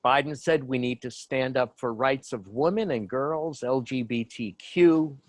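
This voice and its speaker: A man's voice: medium pitch, unhurried, no room sound. A man speaking on an online panel about human rights, giving an informal lecture full of fillers, asides and restarts. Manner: rambling, many fillers and asides.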